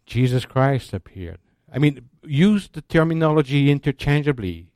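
A man teaching a sermon in a slow, deliberate, emphatic way, restarting his phrases often. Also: mid-range voice, expressive, a little mellow, dry recording, studio quality. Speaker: Bible teacher.

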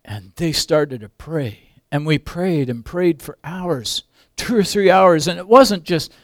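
An older man preaching a sermon, swinging from loud emphatic peaks to quiet asides. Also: a little high, animated, slow, dry recording, clean studio sound. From English background.

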